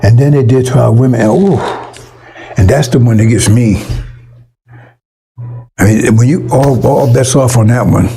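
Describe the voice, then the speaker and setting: A man's voice: medium pitch, normal speed, gravelly, long pauses, warm tone, soft background music, low-quality recording. A man preaching an informal, fiery sermon to his congregation, emphatic and profane, often stumbling and restarting his words.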